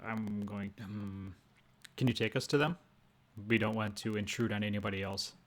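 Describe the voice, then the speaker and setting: Low-voiced man thinking aloud. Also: fairly even intonation, moderate pace. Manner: thinks aloud, hesitant in character choices. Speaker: player. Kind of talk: playing a tabletop game.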